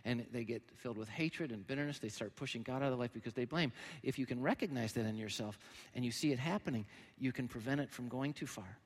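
A man preaching a sermon as pastor, animated, swinging between loud emphatic lines and quiet, low ones. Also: fast, long reverb tail.

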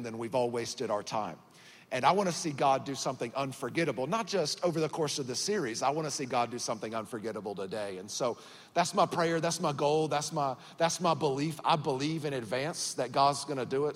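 A man in his thirties from Georgia with a Southern US accent, preaching as a guest pastor in a folksy, joking, conversational way. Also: mid-range voice. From Georgia, USA. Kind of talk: sermon. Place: large church auditorium. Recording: church hall reverb.

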